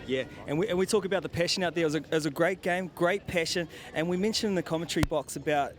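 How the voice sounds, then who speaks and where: A man's voice: quick pace, crowd noise. A man interviewing team captains outdoors after a match, chatty and matey. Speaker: commentator and interviewer. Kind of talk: post-match sideline interview. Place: outdoors at a sports ground. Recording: outdoor recording with faint rumble.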